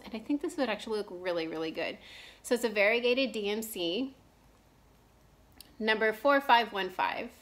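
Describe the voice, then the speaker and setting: A woman in her thirties from Texas, rambling in a casual chat with lots of fillers and restarts, clearing her throat now and then from allergies. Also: mid-range voice. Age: 30s. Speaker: cross-stitch vlogger.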